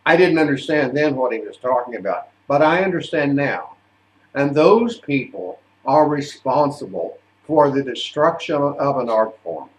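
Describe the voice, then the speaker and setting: An older man, an opera singer, telling stories in a deliberate, indignant way. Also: mid-range voice, expressive. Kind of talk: storytelling monologue. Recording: echoey room.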